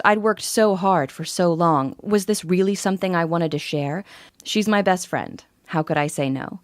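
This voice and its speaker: Woman, forties, low pitch, intimate scripted sales narration, dry studio sound. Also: no room sound. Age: 40s. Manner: intimate, confiding storytelling.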